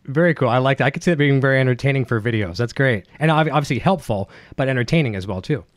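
An upbeat man hosting a live online interview, rattling along at a brisk clip. His voice sits dry and close, with no room around it. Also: medium pitch, expressive, dry recording. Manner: upbeat, rapid, enthusiastic. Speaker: livestream host. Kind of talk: live-streamed interview chat.

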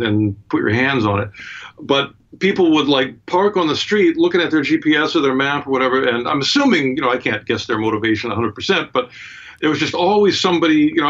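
A male guitarist being interviewed, telling anecdotes with a relaxed, wry humor. He talks from his studio at a middling pitch, and the sound comes through a bit dull and lo-fi. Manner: laid-back, wry storyteller. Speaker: guitarist and guest.

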